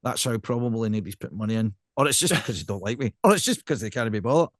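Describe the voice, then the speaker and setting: A man's voice: medium pitch, lively intonation, rapid-fire, no room sound, studio quality. A man with a Scottish accent co-hosting a casual podcast, rambling and self-deprecating as he talks. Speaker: podcast co-host.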